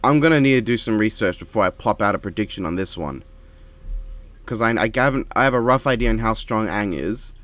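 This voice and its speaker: A man giving casual reaction commentary at home, speaking quietly in a monotone and rambling with frequent restarts into a microphone. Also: fairly low pitch, fairly quick. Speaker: reaction video creator. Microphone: desk microphone.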